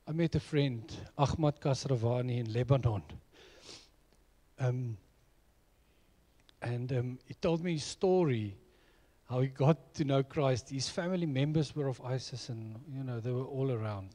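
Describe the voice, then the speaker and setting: A man's voice: medium pitch, measured pace, mellow. A middle-aged man preaching a sermon, telling personal stories in an earnest way. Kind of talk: sermon with storytelling.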